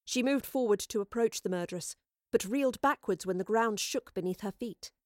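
A woman reads an audiobook aloud in a measured, expressive way. Her voice sits at medium pitch, and the studio-quality recording has no room sound.

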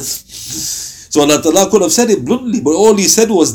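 A man teaching a Ramadan Quran commentary class, telling stories lively and reciting verses in Arabic. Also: high voice, a little slow, long pauses.

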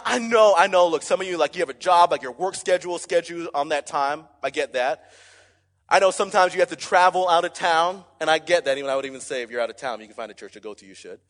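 A young male pastor delivers an energetic, emphatic sermon and keeps calling out to the congregation. His voice sits high for a man. The sound rings with the long reverb of a large church hall. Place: church sanctuary.

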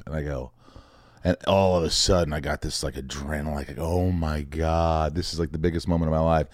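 A man's voice: sits low, no room sound. A middle-aged man from Indiana, a guest telling anecdotes in casual chat and acting out the other people's voices. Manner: animated, acts out voices in anecdotes. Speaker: podcast guest, actor.

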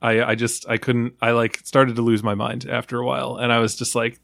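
A man's voice: medium pitch, level tone, fairly quick, vocal fry, fairly bright tone. A man on a film podcast who rants in a casual, rambling way with frequent swearing.

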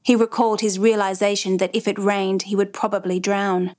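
A woman narrates a true story in a measured, dramatic way. Her voice sits at a middling pitch, and she tells the story with a steady build of suspense.

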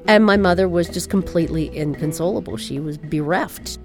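A woman telling a personal family story in an animated, wry way. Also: fairly low pitch, a little fast, hardly any pauses, soft background music.

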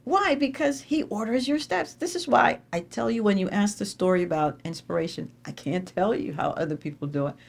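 A middle-aged woman giving an inspirational faith talk to a live audience, telling stories with animated, emphatic repetition. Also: medium pitch, fairly quick, gravelly, few pauses. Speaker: speaker addressing an audience.

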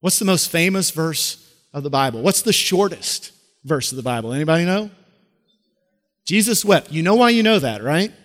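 A middle-aged male pastor preaches in a lively, conversational way. He asks the congregation questions and often restarts his sentences. His voice sits a little high for a man, and the long reverb of a large hall trails after each phrase. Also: moderate pace. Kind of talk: sermon.

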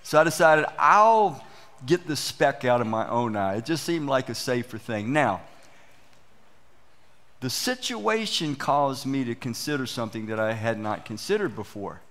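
Lively man preaching a sermon. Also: medium pitch, a little slow. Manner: animated storytelling, acts out quoted exchanges. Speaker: pastor. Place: church.

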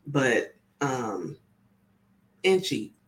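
Slow, chatty woman oracle reader. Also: a bass voice, big pitch swings. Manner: chatty, checks in with listeners. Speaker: spiritual oracle card reader. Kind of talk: casual live card reading. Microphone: camera on tripod with ring light.

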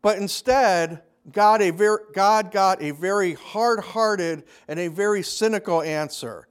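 Man, high voice, pastor, conversational sermon. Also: measured pace, smooth. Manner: conversational preaching, acts out quoted voices.

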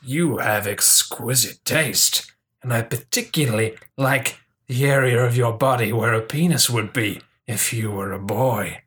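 A man voicing a pompous, unhinged middle-aged boss who breaks into shouting outbursts in a comedy improv sketch. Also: medium pitch, measured pace, pitched below the performer's own voice, natural voice.

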